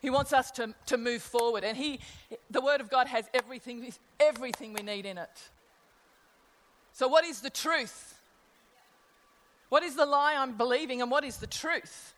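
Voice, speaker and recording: A woman's voice: high-pitched, moderate pace, fairly bright tone. A middle-aged woman preaching a sermon in a conversational way, asking her listeners rhetorical questions. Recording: long hall reverb.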